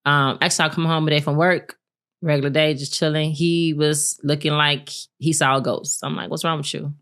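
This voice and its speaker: Low-voiced woman telling a personal story. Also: normal speed, smooth. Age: adult, married with a son. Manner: candid, animated retelling with laughs and acted-out quotes. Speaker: podcast co-host. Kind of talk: casual storytelling chat.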